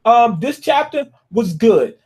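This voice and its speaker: High-voiced young man, rambling review. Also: very animated, takes it slowly, darkish tone. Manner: rambling, loose and conversational, often asks "you know what I'm saying?". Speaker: manga reviewer. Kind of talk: casual chapter review.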